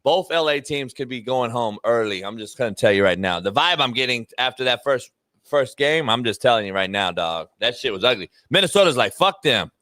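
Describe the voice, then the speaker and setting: A man's voice: mid-range voice, animated, fairly quick, bright, forceful tone, no echo, clean studio sound. A man hosting a sports talk show, ranting emphatically and with plenty of profanity about basketball.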